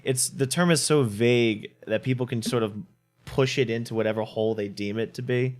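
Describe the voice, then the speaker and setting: A man co-hosting a casual film debate, speaking in a halting, thoughtful way as he searches for his words. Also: mid-range voice, faint music behind. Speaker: podcast co-host.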